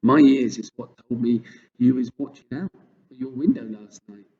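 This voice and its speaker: A man's voice: mid-range voice, very animated, moderate pace, creaky, dark tone, dull audio, voice pushed up. A man voicing a kindly male giant who speaks in earnest, mangled grammar.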